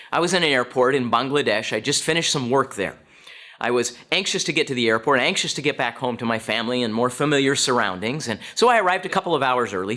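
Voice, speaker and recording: A man giving a storytelling talk to an audience, animated and asking listeners direct questions. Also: medium pitch. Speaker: speaker.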